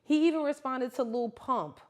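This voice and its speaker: A woman co-hosting a podcast, chatting casually in animated, slangy banter. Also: high-pitched, normal speed. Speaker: podcast co-host. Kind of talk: casual chat.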